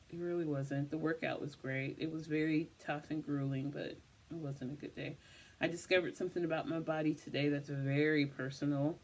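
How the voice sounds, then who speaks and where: A woman's voice: low-pitched, a little mellow, a little hiss or hum. A tired woman vlogging casually, rambling through the story of her day and repeating "I was just like" as she retells it. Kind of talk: casual personal vlog.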